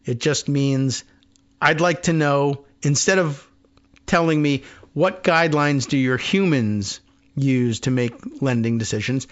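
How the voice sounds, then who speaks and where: A man's voice: medium pitch, unhurried, muffled recording. A man hosting a talk show, reading news items aloud and commenting on them in a wry, conversational way. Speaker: radio show host.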